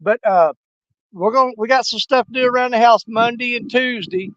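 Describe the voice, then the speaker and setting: A man's voice: extremely high pitch, a little fast, a bit bright, dry recording, lo-fi sound. An older man, casually chatting and joking with viewers while hosting a fishing livestream outdoors. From Missouri, United States. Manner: folksy, joking, laughs often. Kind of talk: casual live-stream chat. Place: outdoors on a river.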